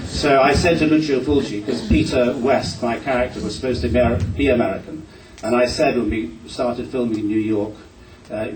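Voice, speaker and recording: An older Glaswegian man, a guest actor on a convention panel, answers a question with self-deprecating humour and a few stammered restarts. His mid-range voice is steady in tone, brisk and slightly mellow. The convention hall is echoey, with a distant mic and faint noise.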